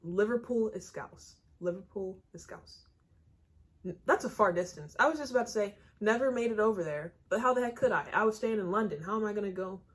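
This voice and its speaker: A woman's voice: mid-range voice, expressive, quick pace, hardly any pauses. An American woman hosting a reaction video, talking in blunt, chatty asides. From United States. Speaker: reaction channel host. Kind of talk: casual reaction commentary.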